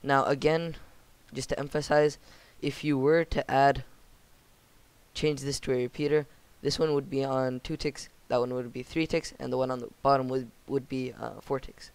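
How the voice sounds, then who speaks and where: A young man speaking in a monotone as he talks through a game building tutorial on his channel. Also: medium pitch, moderate pace, creaky, clear, resonant tone, no echo. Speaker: channel host.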